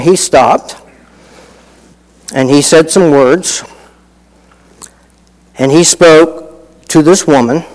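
A man's voice: a little high, a little mellow, long reverb tail, rough recording. A middle-aged man preaching a sermon in a folksy, conversational way, telling personal stories with asides. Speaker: pastor.

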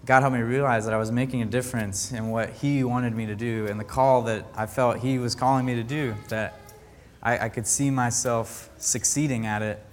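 A man's voice: medium pitch, fairly even intonation, a little hiss or hum. Earnest young man in a reverberant hall. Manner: earnest, halting, with many restarts. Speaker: camp counselor giving a faith talk. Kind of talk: personal faith testimony to a group.

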